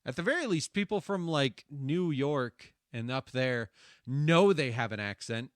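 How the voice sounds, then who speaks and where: A man's voice: mid-range voice, expressive, a little slow, clean tone, dry recording, studio quality. A man with a Midwestern accent streaming while gaming, chatting casually, swearing freely and laughing often.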